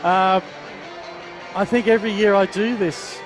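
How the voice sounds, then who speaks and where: A man with a notably high-pitched voice, working as a sports commentator. He talks in a steady, measured way, reading through long lists of names. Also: music in the background. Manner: measured, listing thank-yous. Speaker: play-by-play commentator.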